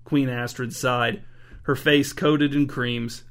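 A man reading a storybook aloud as narrator, in an even, dry storytelling manner. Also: medium pitch, slow pace.

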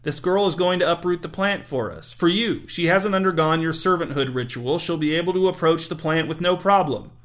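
A man doing a high, flustered woman shopkeeper. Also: fairly quick, few pauses, fairly bright tone, natural voice. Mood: pleading. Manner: nervous, evasive, defensive. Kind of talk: storybook reading.

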